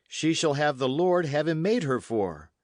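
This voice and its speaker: A man voicing a bold, cheerful young squire who speaks loudly and forthrightly in an old-fashioned storybook tale. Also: fairly high pitch, big pitch swings, a little slow, dry recording, clean studio sound, pitched above the performer's own voice. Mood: hearty. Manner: loud, hearty, forthright.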